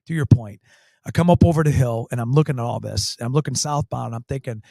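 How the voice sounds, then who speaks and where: A man's voice: mid-range voice, fast, vocal fry, mellow, no room sound. A man with a mid-range voice tells his story in an earnest, emphatic way, circling back to key phrases. The sound is close and dry, with no room around it. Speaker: county sheriff, guest. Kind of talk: storytelling in a talk show interview.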